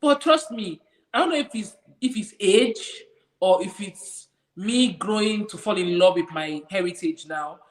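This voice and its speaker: A woman with a Nigerian accent speaks in a relaxed, reflective way, often pausing on "you know". Her pitch sits in the ordinary middle range, and the tone is casual and conversational. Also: rough recording. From Nigeria (Igbo). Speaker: movie review co-host. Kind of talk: casual chat.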